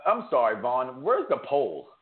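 A man hosting a sports betting show, joking and bantering, swinging from loud hype to low asides. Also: wildly swooping pitch, a little slow. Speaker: sports picks show host. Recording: echoey room over a tinny phone-like line.

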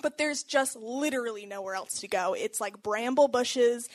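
High-voiced young woman telling a story. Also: moderate pace. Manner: animated, chatty, laughs often, says "like" a lot. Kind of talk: casual personal storytelling.

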